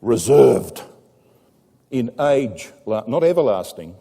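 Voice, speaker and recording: A man preaching a sermon to a congregation, telling a scripture story with dramatic rises and a lively, animated delivery. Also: fairly high pitch, measured pace. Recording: echoey hall with long reverb.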